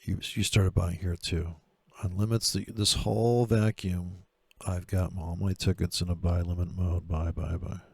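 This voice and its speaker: A man talking through trading charts in a profane, sarcastic rant, with a gravelly voice. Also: deep voice, little pitch movement, normal speed, darkish tone, dry recording. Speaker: trader. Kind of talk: screen-share trading commentary.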